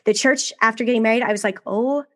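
A woman in her thirties telling her own story as a podcast guest, candid and emotional, often laughing between quick bursts of talk. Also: a little high, steady tone, fairly bright tone.

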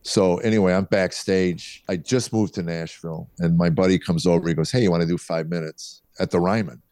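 Man, middle-aged, comedian guest, lively storyteller, low voice, dry close sound. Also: brisk, no room sound. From small town south of Chicago, USA. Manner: lively storyteller, acts out voices in his anecdotes. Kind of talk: storytelling anecdotes in a podcast interview.

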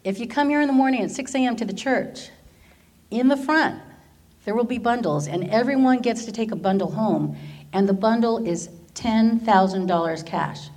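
A woman voicing a male conference speaker who coaxes his audience, delivered as a lively quote in her talk. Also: fairly high pitch, normal speed. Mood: coaxing.

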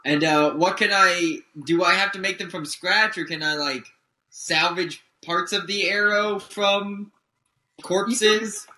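A man's voice: high-pitched, slow, sharp tone, echoey room, poor audio. A man playing a tabletop game, asking earnest questions. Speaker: player. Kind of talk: casual tabletop play.

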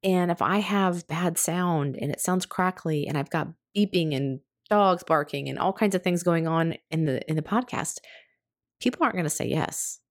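Low-voiced chatty woman podcaster. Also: no echo, clean studio sound. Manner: chatty and self-reflective, quick with asides. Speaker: podcast host. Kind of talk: solo podcast reflection.

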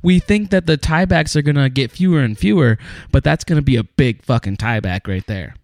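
A man's voice: a little high, expressive, a little fast, a little mellow, no echo. A man co-hosting a podcast, laid-back and wry while laying out theories. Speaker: podcast co-host. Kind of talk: casual podcast chat.

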